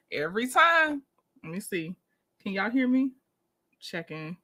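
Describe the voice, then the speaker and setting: A woman's voice: fairly high pitch, big pitch swings, takes it slowly, bright, forceful tone. A woman hosting a casual livestream, chatting and greeting viewers by name, laughing often, then reading through documents. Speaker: livestream host.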